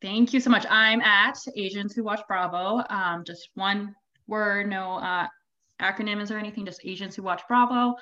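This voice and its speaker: A woman's voice: medium pitch, moderate pace, sharp tone. A woman from Maryland with a Maryland accent, a podcast guest talking casually in a blunt, offhand way. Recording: dull, lo-fi remote podcast audio.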